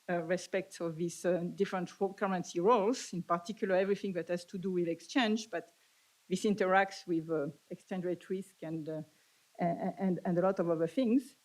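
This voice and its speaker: Halting woman with a French accent. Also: mid-range voice, a little mellow, rough recording. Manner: halting, with frequent "uh" fillers and restarts. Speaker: conference speaker. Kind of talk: academic conference talk.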